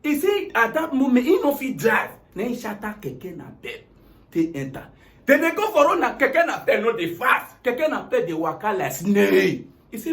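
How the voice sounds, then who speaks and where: A man with a Nigerian Pidgin accent spins a comic tale and acts out every voice in it. His voice sits very high and jumps around a lot as he tells it. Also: normal speed. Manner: animated, dramatic retelling with acted-out quotes. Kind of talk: comic storytelling retelling a political tale.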